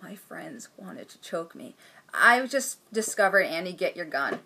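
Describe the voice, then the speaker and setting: A woman in her thirties hosting a knitting podcast, chatting casually and gushing with enthusiasm, sometimes dropping into hushed asides. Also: fairly low pitch, lively intonation, unhurried, gravelly, breathy edge. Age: 30s. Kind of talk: casual chat.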